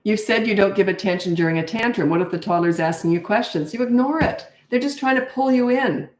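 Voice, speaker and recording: An older woman coaching parents in a live question-and-answer session, direct and matter-of-fact. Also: brisk. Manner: direct, matter-of-fact advice, acts out kids in high voices. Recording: echoey room.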